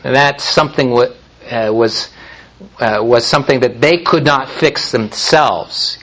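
Slow, husky-voiced male preacher. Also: medium pitch, fairly bright tone, poor audio. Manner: measured preaching with frequent pauses and restarts. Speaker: pastor. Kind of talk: sermon.

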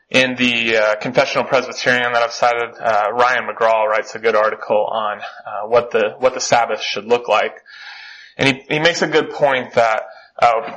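Guy teaching a church class, bright clear voice, lots of uhs between readings. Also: mid-range voice, rough recording. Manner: reads quotations aloud with many fillers.

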